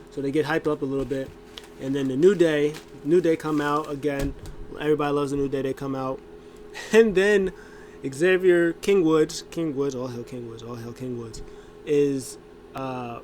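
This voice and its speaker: A man's voice: medium pitch, moderate pace, a little mellow, slight background noise. A man casually recapping a wrestling show, rambling with lots of fillers and acting out quotes. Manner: rambling, many fillers and restarts, acts out quotes.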